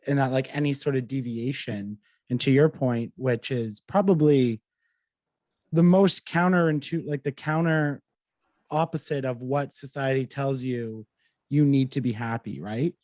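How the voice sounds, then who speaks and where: A man's voice: mid-range voice, steady tone, measured pace, darkish tone, no echo. A man hosting a podcast, thinking aloud in a reflective, hesitant way. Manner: reflective, hesitant, with many fillers. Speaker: podcast host. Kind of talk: casual podcast interview.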